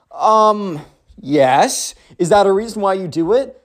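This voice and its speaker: A young man telling a story in a casual, slangy, excitable way. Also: high voice, a little slow. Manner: slangy, excitable, lots of 'bro' and 'like'.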